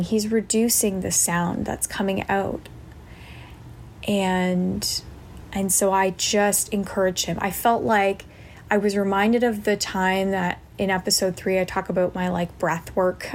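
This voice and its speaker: A woman's voice: medium pitch, slight background noise. A woman podcast host telling a personal story in an earnest, reflective way, often tagging thoughts with "like" and "right?".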